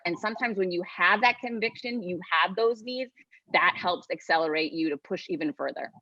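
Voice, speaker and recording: A woman's voice: on the low side, moderate pace, bright, forceful tone, no room sound. Emphatic motivational woman guest. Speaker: guest author. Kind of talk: podcast interview. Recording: dull lo-fi sound, dry.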